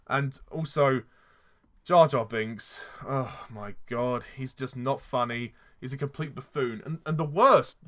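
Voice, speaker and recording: A man's voice: mid-range voice, fairly bright tone. A man giving a casual film review, exasperated and sarcastic, often laughing at what he criticizes.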